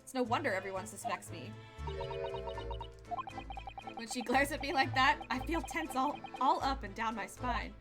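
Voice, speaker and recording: A woman's voice: high-pitched, animated, fairly quick, music in the background. A woman voicing an anxious, earnest young male lawyer in a nervous, earnest way.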